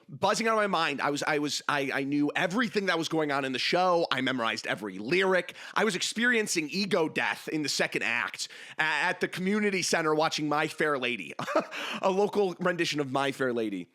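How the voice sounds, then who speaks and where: A man's voice: fairly high pitch, sharp tone. A young man hosting a casual solo podcast, rambling and self-mocking as he jumps between tangents. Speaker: podcast host.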